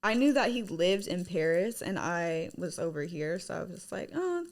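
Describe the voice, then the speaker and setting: A woman's voice: fairly low pitch, moderate pace, gravelly. A woman in her twenties, a guest on a casual podcast, talking chattily with lots of fillers and giggles. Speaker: guest, singer and model.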